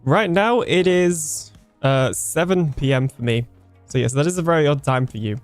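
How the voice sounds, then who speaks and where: A man's voice: a little high, moderate pace, clean tone, dry recording, faint music behind. Chatty British man streaming a game. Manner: chatty, laughs often, trails off mid-sentence. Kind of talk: casual live-stream chat reading comments.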